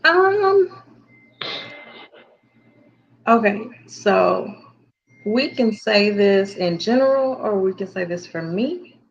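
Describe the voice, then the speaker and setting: Female podcast co-host, unhurried, lowish voice, muffled sound. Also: gravelly, a little hiss or hum. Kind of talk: casual chat. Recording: muffled lo-fi audio.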